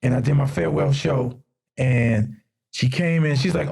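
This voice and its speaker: A man's voice: medium pitch, normal speed. A man with a Mid-Atlantic American accent, a fashion designer guest on a podcast, telling stories in casual talk and acting out the voices of people he quotes. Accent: Mid-Atlantic US (DMV). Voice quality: gravelly, husky. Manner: animated storyteller, acts out quoted voices.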